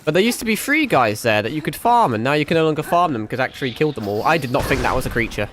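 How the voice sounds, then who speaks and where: A man's voice: mid-range voice, big pitch swings, racing, over music. A man born in Britain, streaming a game, chatting in a rambling, sweary, self-mocking way. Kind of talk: casual gameplay commentary.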